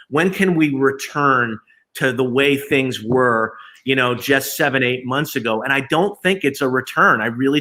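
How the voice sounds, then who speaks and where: With a sharp-toned, mid-range voice, a man who heads an agency answers questions in a live remote interview, speaking conversationally and often restarting or using fillers.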